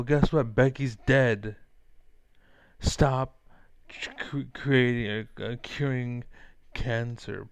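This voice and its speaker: A man's voice: medium pitch, clear, resonant tone, no echo. A man streaming a heated, profane reaction rant, talking back to a clip. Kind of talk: ranting reaction commentary.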